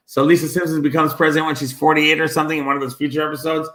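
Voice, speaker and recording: Rambling man, bright voice, echoey room. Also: fairly high pitch, level tone, very fast. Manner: meandering storyteller, casual and profane, loses his thread. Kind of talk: rambling casual chat.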